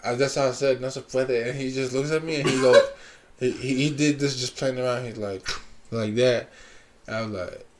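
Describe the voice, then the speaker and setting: A man's voice: mid-range voice, steady tone, normal speed, noisy background. A young man telling a long story in casual chat, rambling with lots of fillers and restarts.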